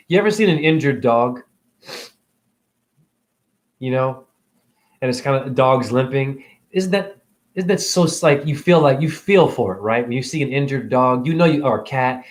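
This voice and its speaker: A man holding a rambling, emotional spiritual monologue as host of his own stream, preaching at times and dropping into hushed whispers. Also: mid-range voice. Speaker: livestream host.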